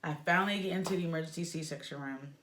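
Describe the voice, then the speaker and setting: A woman's voice: quick pace, slight background noise. A young woman telling a personal story in a casual, emotional way, with big swings in her voice. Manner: animated, emotional retelling with lively pitch swings. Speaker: vlogger telling a birth story.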